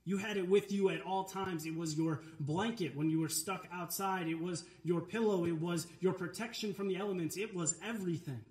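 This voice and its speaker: A man delivers a sermon with earnest, emphatic conviction. His voice sits high for a man, and it carries around a reverberant church sanctuary. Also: moderate pace, few pauses, a little mellow. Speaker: pastor. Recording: echoey church room.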